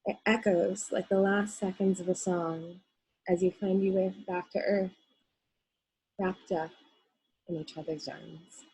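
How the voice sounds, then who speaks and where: Woman guest reader, mellow, breathy, gentle delivery. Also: medium pitch, steady tone, unhurried, pauses often, low-quality recording. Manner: gentle, soft reading, fades at phrase ends. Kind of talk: reading her own prose poem. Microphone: video call.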